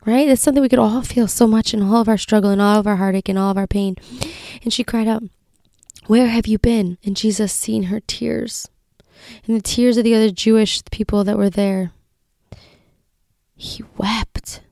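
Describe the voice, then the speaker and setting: A woman in her thirties hosting a faith podcast, speaking in an earnest, heartfelt way that often drops to a soft whisper. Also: medium pitch, steady tone, moderate pace, gravelly, no echo, clean studio sound. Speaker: podcast host.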